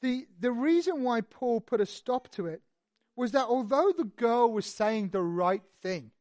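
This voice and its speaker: A preacher giving a sermon, telling the story in an animated, conversational way with lively asides. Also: mid-range voice, measured pace, no room sound, clean studio sound.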